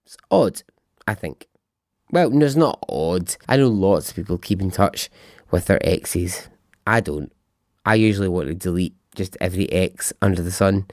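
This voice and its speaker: A man's voice: deep voice, expressive, normal speed, a little mellow, dry recording, studio quality. A man hosting a podcast, telling a true-crime story in a chatty, musing way, asking himself questions and swearing freely. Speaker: podcast host.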